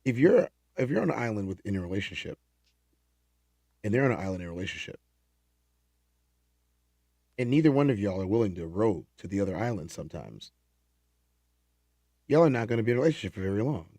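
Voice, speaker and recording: A man hosting a late-night livestream, reading chat comments in casual talk, animated and prone to repeating himself and restarting phrases. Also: lowish voice, fast talker, pauses often, no room sound.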